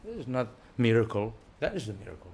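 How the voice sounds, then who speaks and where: Visiting speaker, male, energetic informal class, light background noise. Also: lowish voice, fast talker. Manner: animated, rising loud for emphasis, chuckling.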